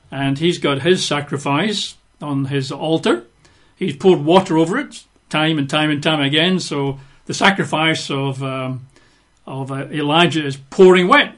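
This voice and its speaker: Man, Bible study teacher, fairly high voice, reads verses then chats about them, slows for emphasis. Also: fairly bright tone. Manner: reads scripture aloud, then comments informally; slows and stresses words for emphasis.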